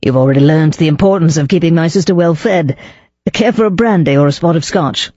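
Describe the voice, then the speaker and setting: A jovial young upper-class Englishman talks breezily in clipped, amused tones, as a woman puts him on. The voice sits low and mellow. The reading is dry and a little dull. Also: a little fast, dry recording.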